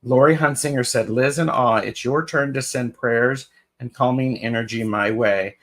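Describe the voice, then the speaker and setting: A man's voice: medium pitch, steady tone, moderate pace, a bit bright. A man co-hosting a live tarot stream in casual chat, greeting viewers by name with fillers and restarts.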